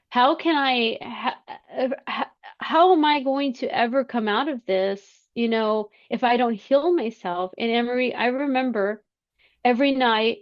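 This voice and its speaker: A woman telling her personal story as a podcast guest, halting, with many fillers and restarts. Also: fairly high pitch, muffled recording.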